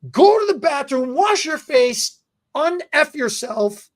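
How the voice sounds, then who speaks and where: A man voicing his angry uncle, a salon boss who shouts and scolds him. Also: very high-pitched, sing-song, slow pace, voice pushed up, exaggerated voice. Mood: furious. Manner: bellowing, scolding.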